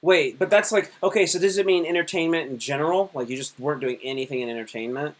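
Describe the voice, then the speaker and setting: A man in his thirties hosting a live stream, chatting casually and telling lively stories with many fillers. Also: a little high, fast. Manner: animated storyteller, many fillers. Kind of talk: casual chat.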